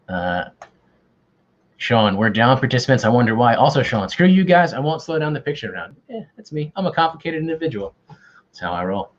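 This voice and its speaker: A man's voice: medium pitch, sing-song, moderate pace, long pauses, muffled recording. A man hosting an online quiz, bantering casually and teasing himself. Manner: joking, self-deprecating banter. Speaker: quiz host.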